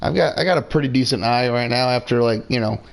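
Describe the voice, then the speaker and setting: Fast and creaky at medium pitch, this streamer keeps up loose, foul-mouthed chatter over his game. He has had several beers and sounds relaxed.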